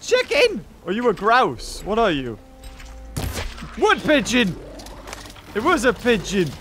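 A man hosting a let's play, chatting excitably and talking to the creatures on screen. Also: high-pitched, slow, soft background music. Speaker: gaming channel host.

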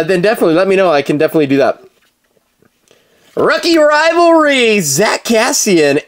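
A man hosting a live card-break stream, chatting casually with viewers, with lots of fillers, and calling out cards as he opens packs. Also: fairly high pitch. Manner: chatty, filler-heavy, calls out cards while talking to viewers.

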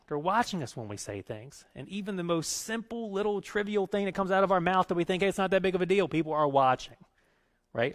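A middle-aged male pastor giving a conversational sermon, telling stories and building into animated rants. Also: fairly high pitch.

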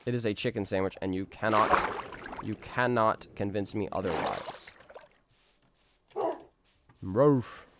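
A man's voice: lowish voice, takes it slowly, long pauses, background noise. A man giving casual, rambling gameplay commentary, talking to himself with jokey outbursts. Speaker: gaming streamer.

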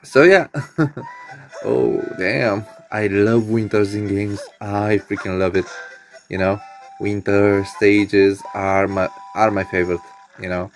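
A man's voice: fairly low pitch, flat delivery, takes it slowly, soft background music. A man hosting his own channel, rambling and laughing often through casual gameplay commentary. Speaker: channel host.

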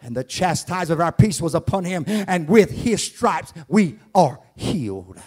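A man preaching a sermon in church, dropping to hushed Scripture reading and then climbing into shouted, soaring exhortation. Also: fairly high pitch, lively intonation, normal speed, husky. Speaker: pastor. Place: church sanctuary.

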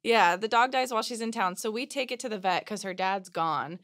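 Guest woman, chatty storyteller, full of "like" fillers, mid-pitched. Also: fairly quick, a bit bright. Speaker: podcast guest. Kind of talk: casual storytelling.

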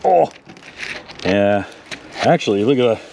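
This gravelly, lowish male voice is animated yet unhurried, heard over a noisy background. He's a car magazine presenter doing a relaxed outdoor tour of old cars in a wooded salvage yard, talking both to his audience and to the cars.

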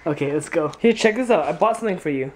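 A man's voice: a little high, lively intonation, fast talker. A man chatting casually and playfully in a home vlog, joking and laughing often. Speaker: vlogger. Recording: noisy home-video recording.

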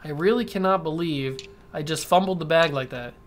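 A man's voice: a little high, moderate pace. A young man hosting a gaming channel, giving gameplay commentary while frustrated with himself and muttering to himself. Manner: frustrated, self-scolding, talks to himself.

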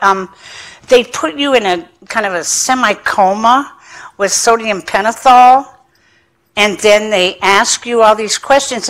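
Animated woman telling her own story. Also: medium pitch. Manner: animated storytelling, acting out quoted dialogue; self-mocking humor with frequent laughter. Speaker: addiction specialist speaker. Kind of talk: personal recovery story in a lecture.

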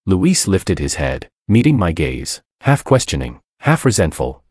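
A man narrates a first-person story, doing all the characters himself with only slight changes. His very low voice swings widely in a sing-song way at normal speed with few pauses, a little mellow and husky. The recording is dry and close, with no room around it.

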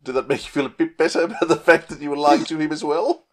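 A man with a somewhat high voice interviews a guest. He asks short, playful questions. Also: fairly even intonation, fast. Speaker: interviewer, podcast host.

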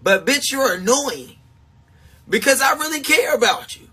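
Male streamer, very high, bright, husky voice, emotional confessional rant that jumps from loud to hushed. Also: animated, unhurried. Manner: swings between shouting and hushed talk, heavy cursing; confessional and self-mocking. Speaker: livestreamer talking to his supporters. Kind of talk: emotional livestream monologue.

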